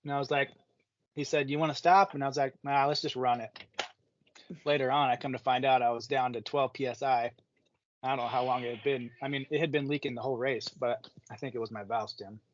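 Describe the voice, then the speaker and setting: A man's voice: medium pitch, fairly even intonation, fast. A man guesting on a podcast, telling a race story in easygoing casual chat and laughing at himself. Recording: dry, dull lo-fi sound.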